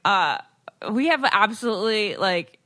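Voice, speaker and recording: A woman's voice: mid-range voice, expressive, measured pace, fairly bright tone, dry recording, faint music behind. A young woman co-hosting a podcast, teasing and steering the conversation. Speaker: podcast co-host. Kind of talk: casual chat.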